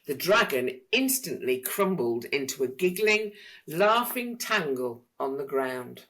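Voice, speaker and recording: A woman reading a children's picture book aloud in an expressive, sing-song manner. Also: sits low, a little slow. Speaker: storyteller.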